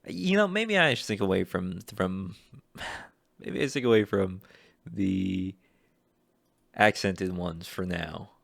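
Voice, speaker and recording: A man's voice: low-pitched, lively intonation, a little slow, creaky, a bit bright, dry recording, clean studio sound. A young man rambling hesitantly and self-deprecatingly as he browses voice acting jobs in a casual vlog. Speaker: aspiring voice actor. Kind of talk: casual screen-share vlog.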